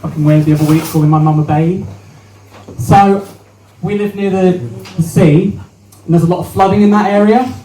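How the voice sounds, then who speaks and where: A young man works a small crowd in a brash, sweary stand-up set, his voice pitched high. He sounds a little distant from the mic, in a roomy space with faint background noise. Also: fairly even intonation, moderate pace, dark tone. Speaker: stand-up comedian. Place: small venue with a live audience.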